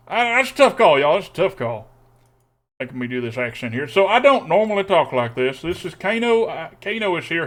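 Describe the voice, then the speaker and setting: Young guy streaming a card game, talks himself through plays, lots of hmms, kinda high voice. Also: a bit bright. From Texas. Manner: thinks aloud, mutters and hums while weighing plays.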